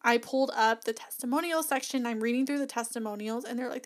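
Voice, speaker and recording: A woman's voice: a little high, fast talker, hardly any pauses, fairly bright tone. A woman hosting her own podcast, talking casually and encouragingly with frequent laughs, recorded on a podcast mic. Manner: chatty, upbeat, encouraging, laughs often. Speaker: podcast host and business coach. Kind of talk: casual motivational podcast talk. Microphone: podcast mic plugged into an audio box.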